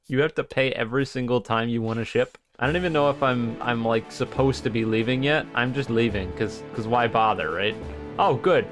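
A man giving dry, mocking commentary while playing a video game, muttering asides to himself. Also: mid-range voice. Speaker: gaming YouTuber. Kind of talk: sarcastic gameplay commentary.

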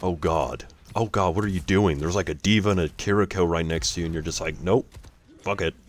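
A man's voice: low voice, fairly quick. A young man casually commenting on someone else's gameplay, exasperated, swearing and laughing often.

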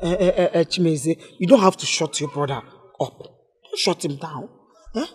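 A domineering Nigerian mother in a Nollywood film. Her voice sits a little low for a woman but swings widely in pitch. She talks loudly and emphatically, cajoling and scolding by turns. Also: expressive, normal speed, husky, soft background music. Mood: persuasive. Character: scheming domineering mother pushing her son to remarry. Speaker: scheming mother.

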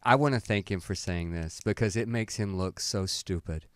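A man's voice: fairly low pitch, moderate pace, clear, resonant tone, dry recording, studio quality. A middle-aged man from the American South, co-hosting a casual news chat and bluntly retelling stories. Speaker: co-host.

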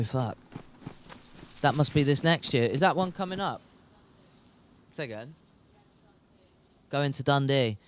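A man's voice: medium pitch, a little hiss or hum. A young man streaming a survival game live, rambling and joking, swearing casually and greeting viewers from chat.

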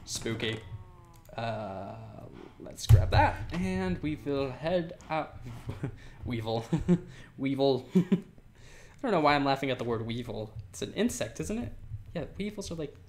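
A man chatting through his gameplay in a loose, rambling way, often breaking into giggles. His voice sits at an ordinary middle pitch. A faint hiss runs under the recording. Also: very animated, a little slow, long pauses. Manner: rambling, giggly, talks to game animals. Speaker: Minecraft let's player. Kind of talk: casual gameplay commentary.

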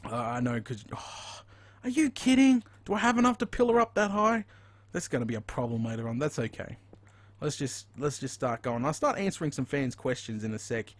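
A man with an Australian accent giving live, chatty commentary as he plays a video game and thinks out loud. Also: mid-range voice, lively intonation, fairly quick, no echo. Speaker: gaming streamer.

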